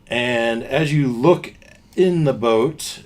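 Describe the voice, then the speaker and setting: A man narrating a tabletop game as its game master. He speaks slowly and unhurriedly, with steady pauses as he describes each scene. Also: mid-range voice.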